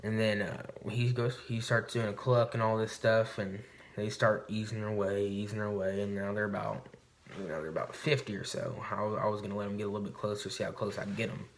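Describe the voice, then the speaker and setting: Rambling, profane man with a lowish voice. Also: flat delivery, a little fast. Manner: rambling and profane, recounting a hunt. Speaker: vlogger. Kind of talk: casual storytelling to camera.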